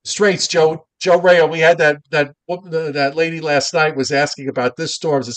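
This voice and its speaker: A man's voice: fairly high pitch, fairly even intonation, moderate pace, few pauses. A man co-hosting a live weather podcast, chatting casually with a sarcastic, joking manner. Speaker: podcast co-host.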